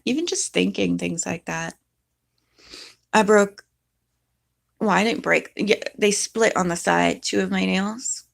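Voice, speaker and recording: A woman's voice: fairly low pitch, vocal fry. A woman vlogger chatting casually and rambling, now and then talking to her cat.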